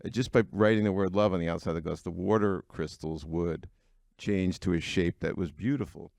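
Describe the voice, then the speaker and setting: A middle-aged man with a very low voice and a gravelly, creaky edge. He tells personal stories to a live audience at an event in a frank, conversational way, and the sound is close and dry. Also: fairly even intonation, fairly quick, a little mellow, no echo. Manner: conversational and frank, with frequent fillers. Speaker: keynote speaker at an entrepreneurs' breakfast. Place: event venue before an audience.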